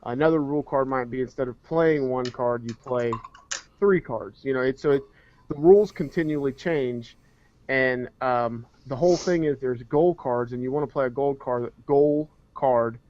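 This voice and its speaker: A man's voice: medium pitch, moderate pace, a little mellow. A man co-hosting a casual podcast chat, explaining at length in a rambling, hesitant way. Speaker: podcast co-host. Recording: dry, dull lo-fi recording.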